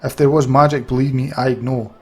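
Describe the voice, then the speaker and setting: A man voicing a tiny, chirpy, impatient male winged sprite while reading game dialogue aloud, in a husky voice. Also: mid-range voice, steady tone, a little fast, close to an everyday voice. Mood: chatty.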